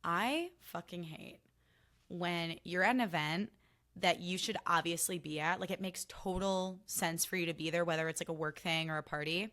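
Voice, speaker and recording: A woman's voice: lowish voice, moderate pace, fairly bright tone. A young woman hosting her own podcast, chatting casually and candidly, swearing freely and getting worked up when she rants. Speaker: podcast host. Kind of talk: casual solo podcast chat.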